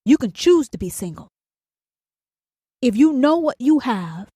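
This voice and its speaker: On her solo podcast, a woman whose voice is on the high side and a little mellow speaks over a dry, studio-quality recording. Blunt and profane, she keeps asking "do you understand?" to drive her points in, voicing both an inner angel and a demon.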